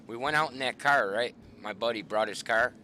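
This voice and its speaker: A middle-aged man, the host, casually telling hunting stories in a profane, animated way. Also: medium pitch, fairly quick, slight background noise. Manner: profane, animated, swearing often. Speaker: show host.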